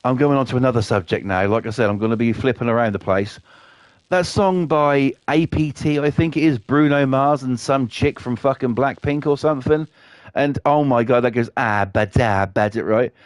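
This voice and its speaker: A man's voice: mid-range voice, no room sound. A British man chatting casually on his live stream, rambling and swearing a lot.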